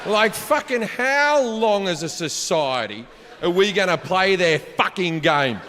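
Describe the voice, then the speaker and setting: A man with an Australian accent doing stand-up, telling a crude story and jumping into shouted punchlines. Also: high-pitched, big pitch swings, measured pace, slight background noise. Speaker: stand-up comedian. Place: large concert venue on stage. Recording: live hall reverb with faint crowd ambience.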